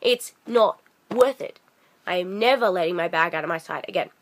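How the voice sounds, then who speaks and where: A young woman vlogging a ranting story, exasperated and animated, acting out what others said. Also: on the low side, normal speed. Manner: animated, exasperated, acts out quoted voices.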